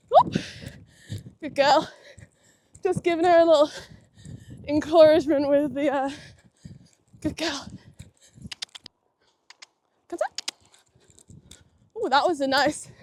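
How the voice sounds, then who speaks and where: A woman's voice: high-pitched, slight background noise. A young woman giving casual commentary while she rides, chatty and full of praise for her horse. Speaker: equestrian vlogger. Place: outdoor riding arena at a stable yard.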